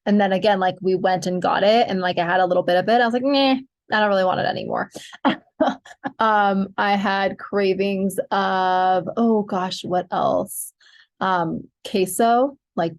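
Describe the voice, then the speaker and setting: Young woman, host, casual chatty delivery with gravelly fry, frequent fillers. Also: mid-range voice, steady tone, measured pace. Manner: chatty, many fillers, giggly. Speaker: podcast host sharing pregnancy updates. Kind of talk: casual chat to viewers.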